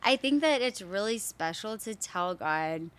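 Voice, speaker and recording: Bright-voiced woman interviewer. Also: medium pitch, animated, a little slow, clear, resonant tone. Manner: encouraging, frequent affirmations. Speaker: interviewer, counselor. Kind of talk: casual interview.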